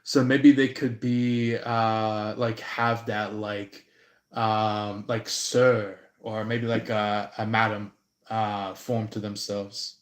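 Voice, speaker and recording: A man giving an intuitive reading on a live stream, slow and halting, with many fillers and restarts. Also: lowish voice, little pitch movement, reverberant. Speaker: tarot reader.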